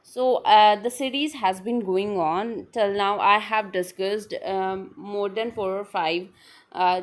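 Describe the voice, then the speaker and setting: A woman teaches a literary term in an online class. Her pitch sits in an ordinary middle range. She pauses often, fills gaps with "uh", restarts her phrases, and keeps returning to "all right then". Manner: hesitant, with frequent fillers and restarts.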